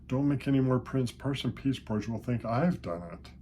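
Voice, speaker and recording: A man's voice: mid-range voice, normal speed, dark tone, slight background noise, pitched above the performer's own voice, close to an everyday voice. A man doing an eager bossy companion. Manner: eager, encouraging. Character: cheerful male companion, bossy and admiring.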